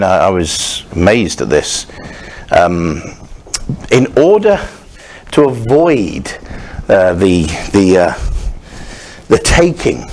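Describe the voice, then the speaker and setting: A man preaching a sermon as pastor, talking in a conversational, wandering way with frequent restarts and humorous asides. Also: lowish voice. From Scotland.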